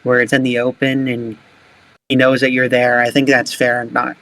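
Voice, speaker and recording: A man's voice: mid-range voice, completely flat delivery, normal speed, a bit bright, no echo, rough recording. A man chatting as a podcast guest, working through his points with hedges and "right?". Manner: reasoning aloud, hedging. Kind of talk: casual chat.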